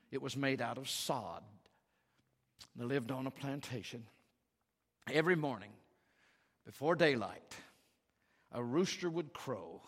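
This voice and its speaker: A man preaching a sermon as pastor, slow and emphatic, building to loud calls for the congregation to repeat after him. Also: medium pitch. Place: church sanctuary. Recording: reverberant church hall, faint guitar behind.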